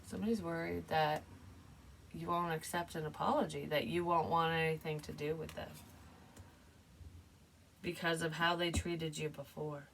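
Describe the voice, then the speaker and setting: A woman's voice: sits low, fairly even intonation, normal speed, gravelly, pauses often, far from the mic, slight background noise, poor audio. A middle-aged woman giving a casual tarot reading, rambling and frank and swearing freely. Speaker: psychic tarot reader.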